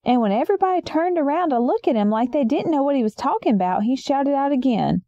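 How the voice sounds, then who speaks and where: Young woman storyteller, folksy and rambling, mellow, dry close sound. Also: a little high, no room sound. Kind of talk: first-person story reading.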